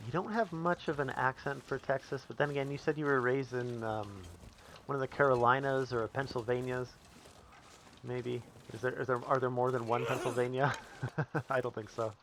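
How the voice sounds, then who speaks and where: A man in mid-range pitch runs a live gameplay stream, talking easily to his chat while he explores. His delivery is casual and chatty, and a faint hiss of background noise sits under the voice. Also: fairly even intonation, normal speed, a bit bright. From Northern Canada.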